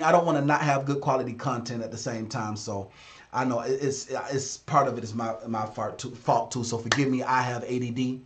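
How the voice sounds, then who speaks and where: Talking a little fast in a mid-range voice, this man runs a casual live stream as a business consultant. He speaks straight to his audience, blunt and direct.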